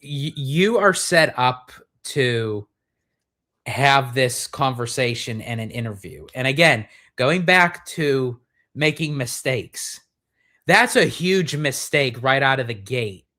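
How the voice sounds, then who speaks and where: Bright-voiced man co-hosting a live stream. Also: medium pitch, animated, slow pace. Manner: earnest, talks in run-on restarts. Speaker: co-host. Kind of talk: casual live-stream chat.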